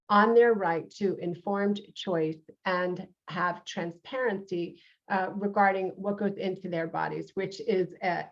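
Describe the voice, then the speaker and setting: Woman host with a New York accent, lower voice, earnest and halting, on muffled lo-fi audio. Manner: earnest, with many uhs and restarts. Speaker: show host, reverend. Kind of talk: interview show introduction.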